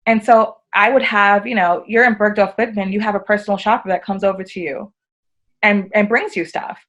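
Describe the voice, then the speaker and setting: A woman's voice: medium pitch, fairly quick, highs cut off. An American woman, a podcast guest, chatting casually and acting out quoted dialogue as she tells her stories. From United States. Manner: animated, acts out quoted dialogue. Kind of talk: casual conversational storytelling.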